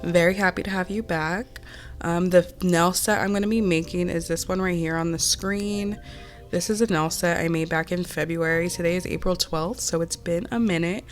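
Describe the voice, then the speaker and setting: A woman's voice: on the low side, fairly even intonation, moderate pace, soft background music. A woman with a nasal voice from a cold, chatting candidly through a casual voiceover Q&A as a nail artist and channel host. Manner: chatty and candid, with many fillers. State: sick with a cold. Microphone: home voiceover mic.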